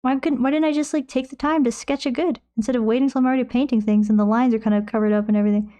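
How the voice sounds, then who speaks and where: Her fairly high, dark-toned voice holds fairly even intonation but moves at a racing pace. As she paints live, the young woman chats into a close desk mic, reading comments aloud and rambling through jokes at her own expense.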